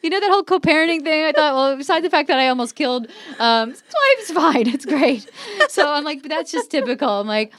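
Fast-talking animated woman, high voice. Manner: animated storyteller, acts out quotes, laughs often. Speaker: podcast guest. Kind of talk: casual chat.

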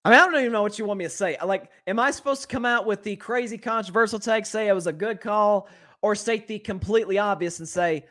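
A man hosting a solo sports talk show, giving animated and opinionated commentary and often repeating words as he thinks. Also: sits high, fast talker. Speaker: sports podcast host.

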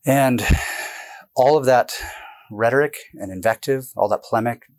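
A man being interviewed about his book, explaining at length in a casual, animated way, jumping between points and restarting sentences. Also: mid-range voice. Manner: animated, digressive, quick bursts with restarts. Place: indoors with a camera close by.

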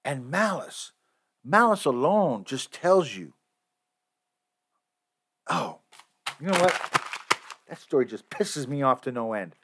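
A man's voice: mid-range voice, big pitch swings, takes it slowly, long pauses, fairly bright tone, husky. Man ranting angrily on his podcast. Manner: heated, profane and repetitive. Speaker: podcast host. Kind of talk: angry solo podcast rant.

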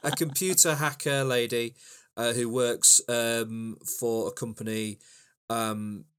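A man's voice: mid-range voice, steady tone, takes it slowly, a bit bright, smooth. A man co-hosting a casual podcast about films, rambling with many ums and restarts. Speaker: podcast co-host. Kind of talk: casual film chat.

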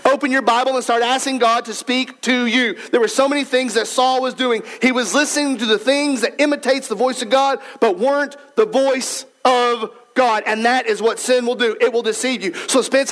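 A man's voice: very high voice, fairly even intonation, fairly quick, hardly any pauses, a bit bright, low-quality recording. A man preaching a sermon as pastor, in a conversational, emphatic way, speaking straight to the congregation in a church.

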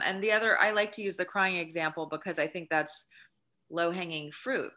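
Earnest woman with a bright, forceful voice. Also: on the low side. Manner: earnest, emphatic, explaining with examples. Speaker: guest author. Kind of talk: podcast interview.

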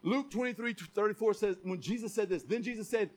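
A man's voice: high-pitched, a little fast. A man preaching a sermon to a congregation, emphatic, often asking rhetorical questions. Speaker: pastor.

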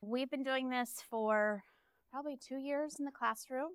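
A woman's voice: high-pitched, moderate pace, clean tone, no echo. A woman from Texas, an educator explaining her program in a friendly live conference presentation.

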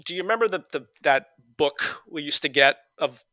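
A middle-aged man from New England with a New England accent, a guest calmly telling stories about his past with many fillers and restarts. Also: a little high, normal speed, dry recording. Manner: relaxed storytelling with fillers and restarts. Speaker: interview guest. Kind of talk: conversational reminiscing.

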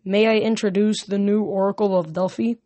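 A woman's voice: mid-range voice, fairly even intonation, a little fast, mellow, no echo, lightly acted. A woman reading a storybook aloud, voicing a breezy, boastful male sun god with an upbeat manner.

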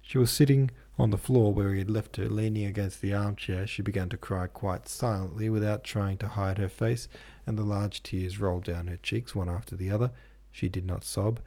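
A man narrating a classic novel as an audiobook host, in a measured, even storytelling manner. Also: lowish voice. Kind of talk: scripted literary narration.

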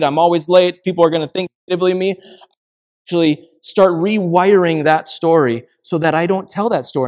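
A man preaching a sermon as pastor, telling everyday stories in a conversational way. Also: a little high. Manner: conversational storytelling with acted quotes.

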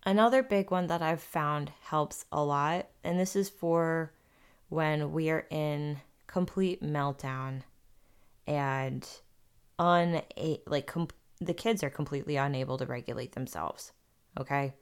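A woman with a low-pitched voice hosts a solo podcast. She talks in an earnest, conversational way, sharing parenting advice drawn from raising her own kids. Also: unhurried, clean tone. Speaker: podcast host.

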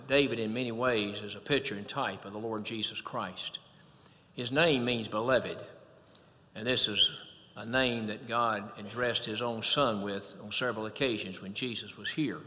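A man preaching a sermon in a measured, deliberate way, slowing down to quote scripture. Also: medium pitch, bright, forceful tone. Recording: long hall reverb.

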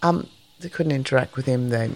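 A woman co-hosting a podcast, telling stories in a casual, animated way and swearing freely. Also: extremely low pitch, brisk. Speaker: podcast co-host. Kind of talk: casual chat, storytelling.

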